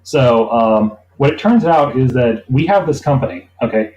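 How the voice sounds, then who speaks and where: A man telling a long anecdote in a relaxed interview, rambling and acting out the people he quotes. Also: mid-range voice, normal speed, muffled recording, slight background noise. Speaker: interview guest. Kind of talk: casual storytelling. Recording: roomy echo.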